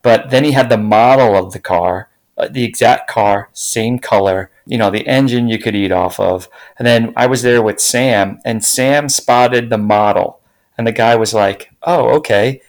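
A man's voice: fairly low pitch, rough recording. A middle-aged man chatting casually as a co-host, telling enthusiastic car stories with lots of fillers. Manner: enthusiastic storytelling, many fillers. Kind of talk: casual chat.

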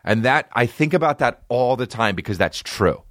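A man hosting a podcast, telling stories in a rambling, swearing, comedic way and breaking into high, silly voices. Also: expressive, moderate pace, fairly bright tone, no echo, studio quality. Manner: swearing, rambling, jumps into high-pitched impressions. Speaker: podcast host. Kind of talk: casual comedic rambling monologue.

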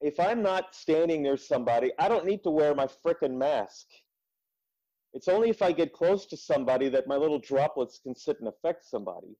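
Swearing storyteller man, dark muffled sound. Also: fairly high pitch, brisk. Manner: animated storytelling, swears freely. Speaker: podcast guest. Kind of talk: casual chat. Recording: muffled lo-fi audio.

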